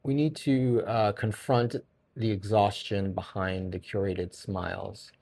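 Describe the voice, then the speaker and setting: Gravelly rambling man with a Brooklyn accent. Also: on the low side, steady tone, slow pace, darkish tone. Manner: rambling, self-correcting, chuckles often. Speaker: podcast host. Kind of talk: casual solo podcast talk.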